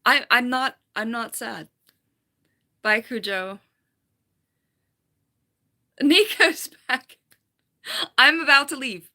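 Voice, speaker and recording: On her casual livestream, a falconer talks unhurriedly in a fairly high, sharp-toned voice that sounds worn and slightly fried. She's chatty and giggly, wandering off topic and reading chat out loud through her computer mic at home.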